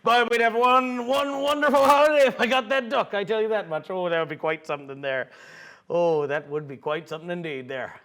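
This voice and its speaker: A man's voice: high-pitched, fairly bright tone. Young man playing a rambling fisherman. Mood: excited. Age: young adult. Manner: hesitant, full of fillers, chuckling, quick to get worked up. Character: rambling excitable male fisherman. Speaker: interviewee. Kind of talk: student comedy news skit.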